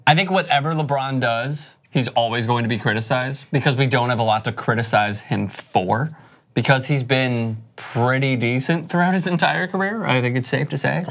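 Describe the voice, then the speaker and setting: A man's voice: medium pitch, moderate pace, a bit bright. Wisecracking man in sports banter. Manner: joking, wisecracking asides. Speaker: sports show co-host.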